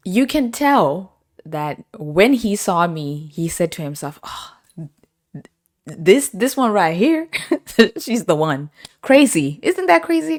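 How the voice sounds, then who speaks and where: A young woman hosts a podcast in a fairly low voice, the clean studio recording free of echo. She tells casual stories with animated energy, laughing often and acting out what other people said.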